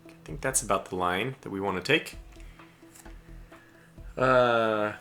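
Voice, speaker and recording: A man's voice: lowish voice, takes it slowly, sharp tone, faint music behind. An American man casually commentating his own live strategy game stream, chatty and chuckling as he barks orders at his ships. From United States.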